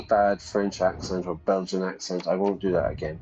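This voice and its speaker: A man's voice: low voice, steady tone, moderate pace, few pauses, a little mellow, soft background music. Joking man explaining words over a game. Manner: jokey, explanatory, playful asides. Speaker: English teacher streaming a game. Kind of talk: casual game commentary explaining vocabulary. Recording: dull lo-fi sound.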